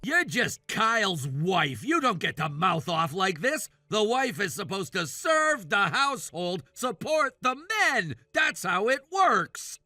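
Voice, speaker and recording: A man voicing a demanding, sexist jobless brother-in-law in his thirties for a text message story, yelling orders and insults. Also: high-pitched, sing-song, slow, hardly any pauses, dry recording, studio quality, full character voice. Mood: angry. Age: 30s.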